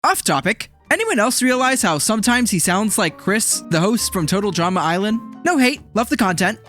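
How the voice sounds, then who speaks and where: Man, comment-reading host, chatty, playful, animated pitch, high-ish voice. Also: soft background music. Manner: chatty, playful, quick reactions. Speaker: YouTube host. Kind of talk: reading viewer comments aloud. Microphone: studio microphone.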